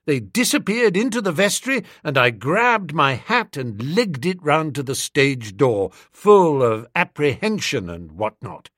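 A man narrating a comic story as an audiobook, in a brisk, animated storytelling manner. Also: on the high side, no echo, studio quality.

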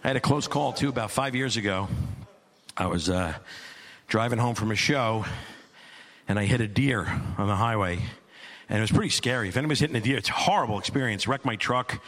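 A man in his forties performing a stand-up comedy set, telling stories deadpan and building to loud absurd bits. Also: fairly low pitch, brisk.

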